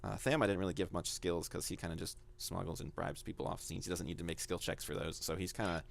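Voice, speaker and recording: A man with a very low voice and a gravelly edge. He co-hosts a casual podcast and talks in a loose, rambling way about running his games. He keeps acting out his own thoughts as little quotes. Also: steady tone, fast talker. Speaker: game master, podcast co-host.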